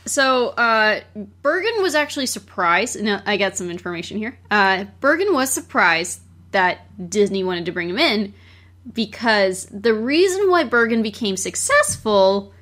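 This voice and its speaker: A woman co-hosting a casual movie chat, explaining background facts in a halting way with many pauses and fillers. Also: mid-range voice, sing-song, fairly bright tone. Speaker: podcast co-host.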